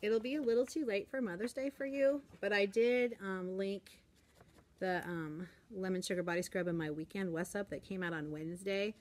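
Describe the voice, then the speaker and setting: A woman's voice: normal speed, a little hiss or hum. A woman in her forties, a teacher, chatting upbeat and casual in her classroom while she shows things to a handheld camera. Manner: chatty and upbeat, acts out kids in a high voice. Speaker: elementary school teacher. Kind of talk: casual classroom vlog chat. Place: classroom, indoors.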